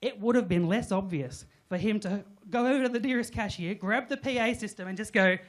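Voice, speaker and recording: A woman on a comedy club stage, telling a long story in a dry, sweary, matter-of-fact way. Her voice sits at an ordinary medium pitch. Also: brisk. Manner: dry, expletive-laced storytelling. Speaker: stand-up comedian. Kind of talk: live stand-up storytelling.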